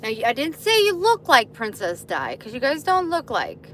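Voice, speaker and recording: Walking along with her phone, a woman rambles to her livestream audience at a moderate pace, her high voice swooping wildly in pitch as she keeps getting sidetracked. The background carries traffic and outdoor ambience.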